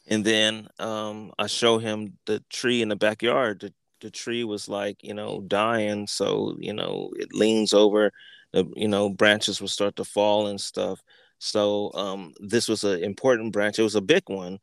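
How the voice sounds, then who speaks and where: A man hosting a podcast, telling a comic story in a crude, animated way full of profanity. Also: lowish voice, unhurried, gravelly, no room sound. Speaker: podcast host.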